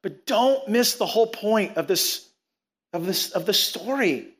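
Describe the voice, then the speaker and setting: Preacher, male, high voice, casual and animated, acts out quotes mid-sermon. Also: a little slow, breathy edge. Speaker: pastor.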